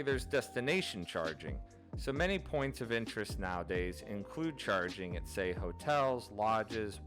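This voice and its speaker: A man hosting his own channel, narrating an informative explainer in a steady, methodical way, going through items one by one. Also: fairly low pitch. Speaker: channel host.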